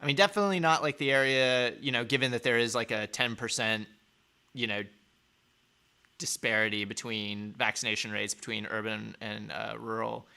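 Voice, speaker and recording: This man talks in a loose, sarcastic ramble, full of "like" and "I mean". His voice is gravelly, with a bright, forward tone, and he sounds like a host reacting to clips on a live show. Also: on the low side, steady tone, moderate pace. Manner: sarcastic, rambling with many fillers. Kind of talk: casual commentary on clips.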